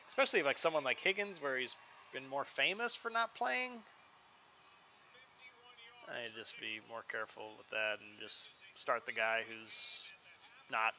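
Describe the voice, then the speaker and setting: A man's voice: mid-range voice, moderate pace, muffled recording, a little hiss or hum. A man streaming a game, chatting casually and rambling at length with friends. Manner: rambling, animated. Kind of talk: casual chat while gaming.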